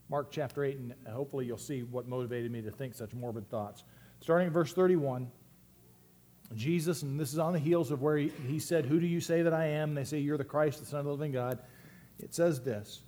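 A man's voice: fairly high pitch, a little mellow. A man preaching a sermon as pastor, earnest and reflective, often restarting his phrases.

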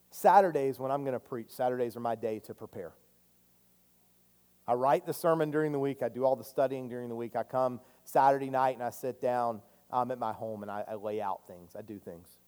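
A man in his thirties preaching a sermon, earnest and confessional, his voice swinging from loud declarations to hushed admissions. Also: mid-range voice. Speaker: pastor. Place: church sanctuary. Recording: long hall reverb.

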